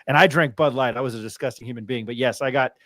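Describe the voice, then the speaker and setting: A man's voice: mid-range voice, fast, bright, forceful tone, dry recording. A man from New Mexico hosting a podcast, telling stories casually with many fillers and restarts. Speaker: podcast host. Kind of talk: casual chat.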